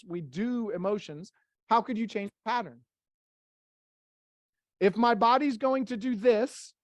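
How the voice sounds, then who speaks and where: A blunt workshop leader speaks at a middle pitch, close and dry with little room sound. The leader keeps firing rhetorical questions at the group in a motivational talk, with casual swearing. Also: dry recording.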